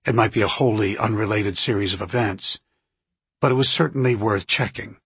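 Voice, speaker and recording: A man reading an audiobook aloud in a measured, even narration. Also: fairly low pitch, breathy edge, dry recording.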